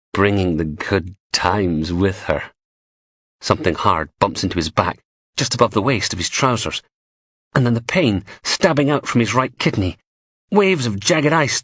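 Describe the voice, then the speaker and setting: A man's voice: deep voice, fairly bright tone, slightly rough, no room sound, clean studio sound. A man narrating a crime audiobook in a gritty, profane, darkly comic manner.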